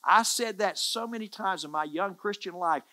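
A pastor delivering an earnest sermon, pressing each point home by repeating words and phrases. The voice is bright and forceful, with a middling pitch. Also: moderate pace.

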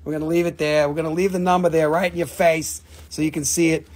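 A man hosting a live mineral sale, excitable and joking with viewers, often swearing. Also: fairly high pitch, quick pace, a little hiss or hum. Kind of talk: excited live-stream sales patter.

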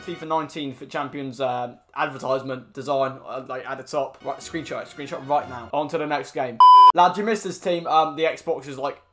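A young man commentating his own football video game matches, slangy, swearing and shouting when goals go in. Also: mid-range voice, moderate pace, over music. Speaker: gaming YouTuber. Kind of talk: excited gameplay commentary. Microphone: desk microphone.

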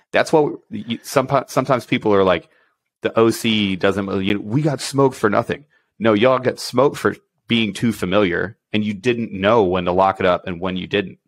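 Blunt low-voiced military podcast man. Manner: blunt, animated, acts out quoted exchanges. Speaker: podcast co-host, special warfare operations superintendent. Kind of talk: casual podcast chat.

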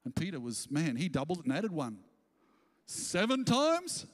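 A man preaching a sermon as pastor, animated and acting out quoted voices as he speaks. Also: fairly high pitch, fast, husky. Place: church auditorium. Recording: long church reverb.

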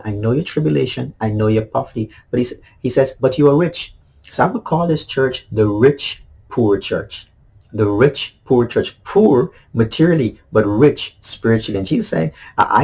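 A man's voice: medium pitch, mellow, slightly rough, poor audio. A man, a pastor, giving a daily devotional sermon in an earnest way, repeating key phrases with many fillers.

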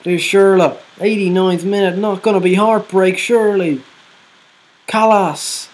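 A woman hosting a gaming channel, giving excited football game commentary, shouting player names and groaning at misses. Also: medium pitch, unhurried.

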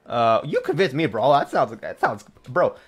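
A young man playing a video game and commenting casually, excitable and laughing often, sometimes reading the game's lines out in silly voices. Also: medium pitch, normal speed, breathy edge. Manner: excitable, laughs a lot, shouts and mocks game dialogue. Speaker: gaming streamer. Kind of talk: casual let's-play commentary.

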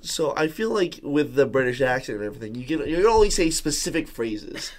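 A man's voice: medium pitch, big pitch swings, fairly quick. A young man on a podcast, playfully adding jokes to the banter, a bit drunk. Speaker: podcast guest.

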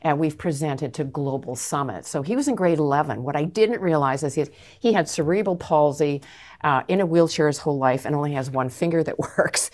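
A middle-aged Canadian woman with a low voice tells her story with passion and emphasis. She is a guest in an interview, speaking earnestly about her work. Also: a little fast, a little mellow. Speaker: anti-trafficking advocate, guest.

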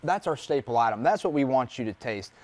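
A polite, enthusiastic Southern-accented man from Savannah as a candy guest on a studio set, with a mid-pitched voice. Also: lively intonation, fairly quick. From Savannah, Georgia. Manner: enthusiastic, polite, often says "yes, sir". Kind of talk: product demonstration.

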